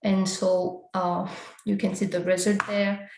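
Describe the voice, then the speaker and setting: Woman, academic presenter, explanatory research talk, mid-range pitch, roomy echo. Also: level tone, unhurried, a little mellow, a little hiss or hum. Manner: explanatory, steps through results with frequent quotes of survey questions. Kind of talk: research talk walking through slides.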